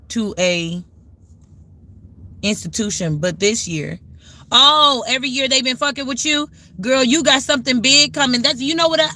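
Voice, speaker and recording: Bright-voiced woman chatting on a livestream. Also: high-pitched, dry recording. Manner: conversational, reflective, talks back to viewer comments. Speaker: livestream host. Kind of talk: casual livestream chat with viewers.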